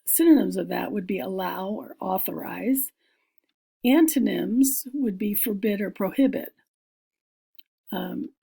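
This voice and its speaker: Slow, gravelly-voiced woman teacher. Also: mid-range voice, dark tone. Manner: patient, explains step by step, thinking aloud. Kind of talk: recorded reading lesson.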